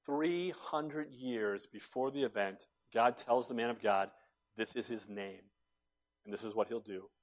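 A man preaching a sermon as pastor, telling stories with animated swings between hushed and loud delivery in a church. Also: medium pitch, measured pace. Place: church sanctuary.

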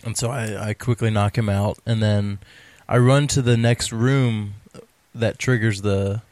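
A man's voice: fairly low pitch, fairly even intonation, unhurried, darkish tone, no echo. A man with a sore throat telling a rambling, laughing story in a casual gaming chat. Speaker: podcast co-host.

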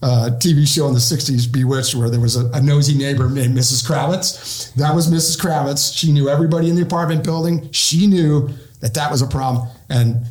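A man's voice: medium pitch, brisk, few pauses, echoey room. A middle-aged man, a retired police officer, telling stories as a podcast guest and acting out the quotes. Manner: animated storyteller acting out quotes. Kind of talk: podcast interview storytelling.

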